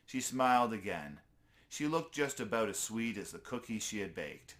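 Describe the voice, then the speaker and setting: A man's voice: fairly low pitch, moderate pace, a bit bright. A man reading a children's story aloud in an easygoing way, with small slips he corrects as he goes.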